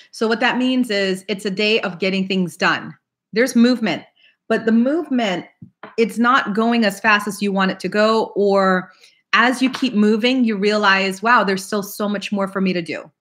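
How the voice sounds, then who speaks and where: A woman's voice: mid-range voice, fairly bright tone. A woman hosting a live tarot reading, chatting casually and laughing often while she greets viewers by name.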